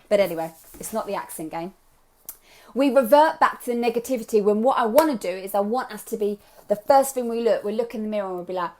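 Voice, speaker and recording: A woman's voice: on the high side, fast, darkish tone. A young adult woman coaching a live group on self-love, upbeat and chatty, encouraging her listeners and slipping into playful voices.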